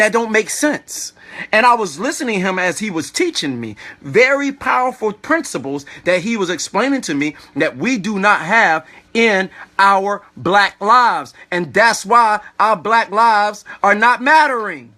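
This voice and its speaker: Guy preaching on his video, lively swoopy voice, bright tone, keeps telling you to think about it. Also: high-pitched, normal speed. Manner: preachy, animated, keeps asking "all right?". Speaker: online video host. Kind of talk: motivational talk.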